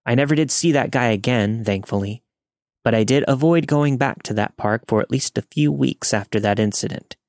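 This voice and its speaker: A man reads a true horror story in a steady, measured way, as a podcast host. His voice has a gravelly rasp at a middle pitch, and the recording is dry and close. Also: no echo. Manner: steady, measured reading of a first-person tale. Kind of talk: scripted storytelling narration.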